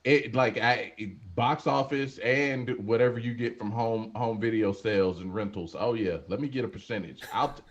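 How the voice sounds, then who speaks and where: A man's voice: mid-range voice, normal speed, hardly any pauses, dull audio. A man co-hosting a casual sports podcast, riffing playfully on jokes. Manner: animated, riffs playfully with bits. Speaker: podcast co-host.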